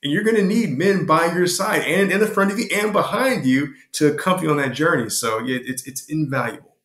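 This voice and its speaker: A man's voice: on the high side, animated, brisk, a bit bright, echoey room. A man speaking as a guest in a reflective interview, passionate and emphatic, often repeating his words. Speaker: guest, retreat co-host.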